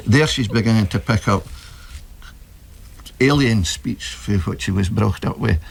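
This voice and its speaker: A man's voice: on the low side, measured pace, vocal fry, husky. A middle-aged Scottish man on a radio panel, broad and plain-spoken. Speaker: panel guest.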